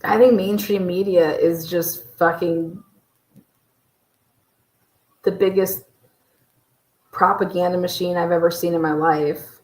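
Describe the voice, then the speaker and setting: A woman hosting a casual livestream, ranting in a profane, exasperated and sarcastic way, her voice slightly hoarse. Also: on the low side, moderate pace, pauses often, darkish tone, reverberant, rough recording. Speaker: true crime livestream host.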